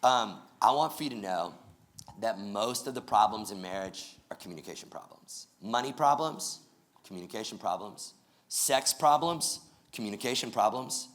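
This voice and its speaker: A man's voice: on the low side, animated, normal speed, fairly bright tone. A male pastor preaching a sermon, talking straight to the congregation with energy and joking asides.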